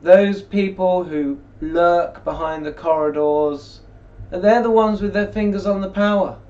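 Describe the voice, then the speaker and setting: A man with a fairly high voice gives a rambling, conversational commentary and reads scripture at a slower pace. He sits in a chair away from the microphone, and the recording sounds muffled and lo-fi. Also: darkish tone. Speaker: religious video blogger. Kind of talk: casual commentary and scripture reading. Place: indoors, seated in a chair. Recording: distant mic, dull lo-fi sound.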